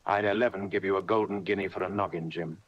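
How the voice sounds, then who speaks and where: A man voicing a sick old sea captain who talks in rough sailor slang, pleading and blustering by turns. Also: sits low, steady tone, quick pace, dull audio. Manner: gruff, wheedling sailor talk. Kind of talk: audiobook character reading.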